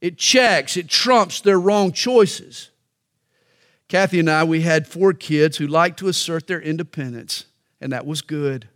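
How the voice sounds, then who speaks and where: A middle-aged male pastor preaching a sermon, emphatic and alliterative, with pointed pauses between phrases. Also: fairly high pitch, a bit bright.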